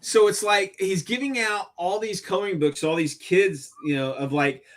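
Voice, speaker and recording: A man's voice: high voice, moderate pace. A man hosting a live stream, telling a story in casual chat, swearing freely and acting out angry quotes. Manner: profane, animated, acts out angry quotes. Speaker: stream host.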